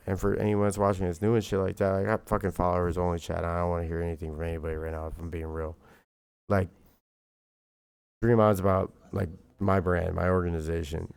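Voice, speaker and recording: A man's voice: sits low, gravelly, a little mellow. A man streaming live, talking in a rambling, profane and heated way, with "bro" and "like" at every turn. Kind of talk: livestream monologue.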